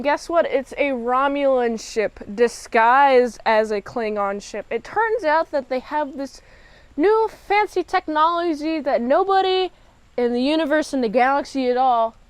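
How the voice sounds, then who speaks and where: A woman giving a casual, chatty spoiler review of a TV episode, animated and quick to laugh. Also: sits high, no room sound. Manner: chatty, animated, laughs often, acts out characters' lines.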